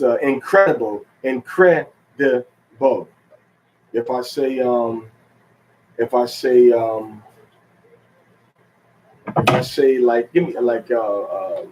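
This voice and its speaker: A man gives a religious lesson at a slow, measured pace. His voice is dark and mellow, and he halts often with fillers and restarts. He stretches out the words he wants to stress. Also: medium pitch, slight background noise, poor audio. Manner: drawn-out stress on key words. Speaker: religious teacher. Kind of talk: teaching talk.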